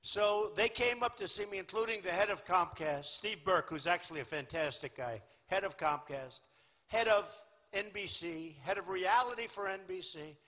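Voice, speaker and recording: Rally speaker, man in his sixties, boastful and repetitive, fairly high voice, husky, long hall echo, dull lo-fi sound. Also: moderate pace. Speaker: political candidate. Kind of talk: campaign rally speech. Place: large rally venue. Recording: lo-fi echoey hall recording.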